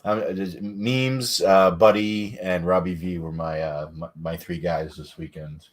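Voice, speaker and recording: Very deep-voiced man in casual chat. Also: steady tone, unhurried. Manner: laid-back storytelling with frequent fillers. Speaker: podcast co-host.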